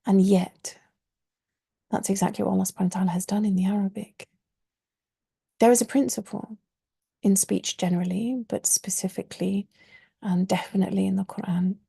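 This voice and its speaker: Husky, gravelly woman teaching a class. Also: mid-range voice, mellow, dry recording, clean studio sound. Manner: earnest, explains with stressed key words; religious phrases woven into teaching. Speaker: Arabic teacher. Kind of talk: online course lesson.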